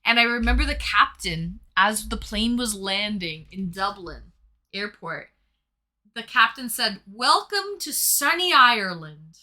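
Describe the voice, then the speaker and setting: A woman's voice: mid-range voice, a little slow, sharp tone. A young woman hosting a casual live stream from home, reading chat messages aloud in a chatty, playful way. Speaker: livestream host reading chat.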